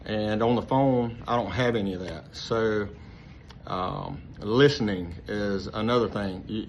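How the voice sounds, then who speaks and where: A man talks through sales tips in an easygoing, rambling way, full of "um"s and restarts. The recording sounds a bit dull and lo-fi, with a faint hiss underneath. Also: fairly low pitch. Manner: relaxed, rambling, many fillers and restarts. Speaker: sales trainer. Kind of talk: casual instructional talk. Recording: slightly dull lo-fi with faint noise.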